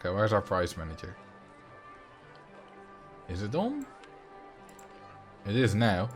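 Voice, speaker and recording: A man's voice: lowish voice, wildly swooping pitch, slow pace, soft background music. A man, streaming a building game, chatting casually, reading chat and thinking aloud with self-mocking humor. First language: Dutch.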